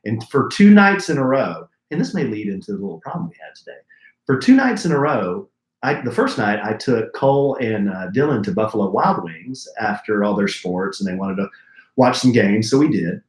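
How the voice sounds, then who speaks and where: A man co-hosting a show, chatting casually and telling a story with lively acted-out quotes. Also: fairly low pitch, moderate pace. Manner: animated storyteller, acts out quotes. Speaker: co-host. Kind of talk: casual chat. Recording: roomy echo.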